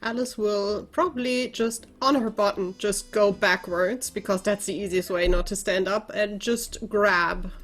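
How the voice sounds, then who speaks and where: A woman playing a tabletop game, calmly describing what her character does. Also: medium pitch, faint music behind. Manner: slow, thoughtful, describing her character's actions. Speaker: player. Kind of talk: casual tabletop game play.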